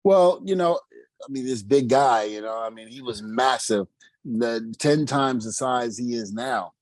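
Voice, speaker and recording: Middle-aged man, interview guest, lively storyteller who plays out quoted dialogue; mid-pitched, dry close sound. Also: a little slow, no echo. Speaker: interview guest, retired wrestler.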